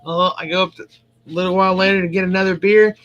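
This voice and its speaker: A woman's voice: on the low side, steady tone, quick pace, fairly bright tone, highs cut off, slight background noise. A woman rambling through a story in casual chat, laughing often as she goes, with a drink in hand.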